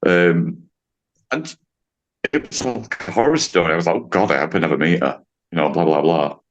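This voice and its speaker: A man in his late fifties tells a story on a podcast, his voice low and deep. He talks casually and acts out the voices of the people in his story, breaking into laughs now and then. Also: moderate pace, highs cut off. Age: 50s. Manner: animated storyteller, acts out quotes, laughs often. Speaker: podcast guest, driving instructor.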